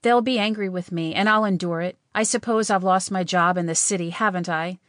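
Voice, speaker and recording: A woman's voice: lowish voice, brisk, fairly bright tone, no echo, studio quality, natural voice. A woman voicing an impulsive, remorseful young woman in an audiobook, speaking earnestly. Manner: earnest and emotional. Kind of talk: audiobook reading.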